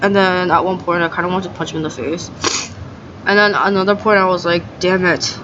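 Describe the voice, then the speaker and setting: A woman's voice: on the low side, fairly even intonation, a little fast. Young woman vlogger, rambling and exasperated, ranting outdoors on a slightly muffled mic with a faint outdoor hum. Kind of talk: ranting casual monologue. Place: outdoors on grass. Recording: slightly dull sound, faint outdoor ambience.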